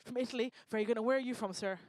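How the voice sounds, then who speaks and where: A woman's voice: a little high, dry recording. Teasing woman working a crowd. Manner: energetic, teasing, bossy and quick to joke. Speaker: stage performer working the crowd. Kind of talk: improvised stage crowd work. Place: live talk stage before an audience. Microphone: handheld microphone.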